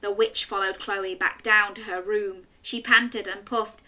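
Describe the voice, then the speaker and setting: A woman reading a picture book aloud to children, animated and asking her listeners questions. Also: mid-range voice, measured pace, few pauses, very noisy. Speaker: children's story reader.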